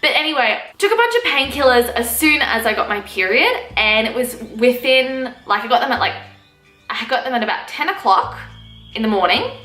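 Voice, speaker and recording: Brief: high, bright young woman vlogger, chatty and self-mocking, echoey room, faint music. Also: animated, moderate pace. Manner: chatty, many fillers, laughs at herself. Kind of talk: casual storytelling vlog.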